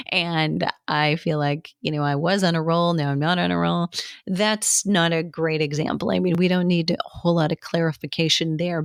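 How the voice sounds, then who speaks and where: A middle-aged woman gives a coaching lesson in a fairly low, dry voice. She acts out what clients and coaches say and laughs often. Her talk sounds close and unroomy. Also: gravelly, no room sound. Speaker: fitness and health coach.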